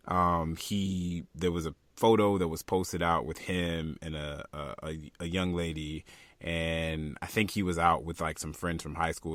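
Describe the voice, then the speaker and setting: A man's voice: low-pitched, bright, forceful tone, no echo. A young man co-hosting a podcast in casual chat, laid-back and jokey, laughing often. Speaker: podcast co-host.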